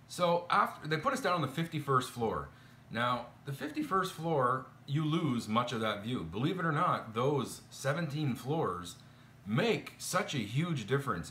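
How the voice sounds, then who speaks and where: A chatty man recounting a frustrating hotel stay straight to camera, exasperated and full of ums and uhs. His voice is bright and forward, and the room around him rings with echo. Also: mid-range voice, a little hiss or hum. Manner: chatty, exasperated, lots of fillers. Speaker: vlogger. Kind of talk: casual complaint storytelling to camera. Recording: echoey room.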